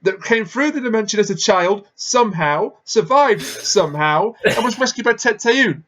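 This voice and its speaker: A podcast host with a medium-pitched, animated, fairly bright voice talks at normal speed in casual chat while reviewing an episode. The manner is explanatory, laying out arguments step by step. The mic is lo-fi and sounds slightly dull.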